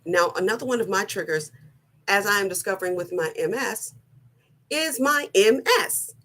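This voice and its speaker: A middle-aged woman giving a personal motivational talk, slow, earnest and deliberate, often repeating her phrasing. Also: medium pitch, lively intonation, a bit bright. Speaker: wellness vlogger.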